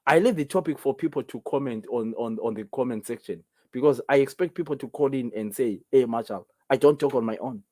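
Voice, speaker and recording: A Zimbabwean man, a native Ndebele speaker, hosting a call-in talk show alone, emphatic and firing off rhetorical questions. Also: medium pitch. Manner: emphatic, many rhetorical questions, repeats himself. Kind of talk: solo call-in show commentary.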